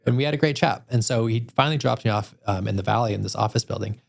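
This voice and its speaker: Gravelly-voiced storytelling podcast host. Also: male voice, fairly low pitch, fast talker. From Utah. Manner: animated storyteller. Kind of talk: casual interview chat. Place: podcast studio room.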